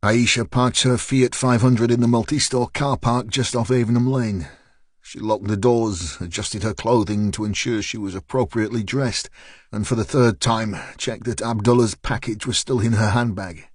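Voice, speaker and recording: A man narrating a thriller audiobook in a measured, steady storytelling voice. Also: mid-range voice, no room sound, studio quality. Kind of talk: scripted narration.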